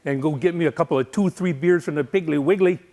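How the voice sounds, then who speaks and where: A beer-loving Wisconsin working man, as a speaker puts him on, talking in a thick, exaggerated folksy drawl. The voice sits a touch high, hearty and easygoing. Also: fast, a little mellow, close to an everyday voice.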